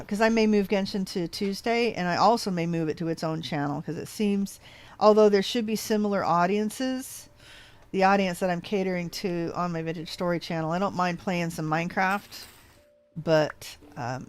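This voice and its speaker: An older American woman from the West Coast with a slight Texas drawl, chatting casually and rambling a little as she hosts a gameplay video from her home. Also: on the low side. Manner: rambling, chatty, self-correcting. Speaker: let's play host. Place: home, living in Georgia.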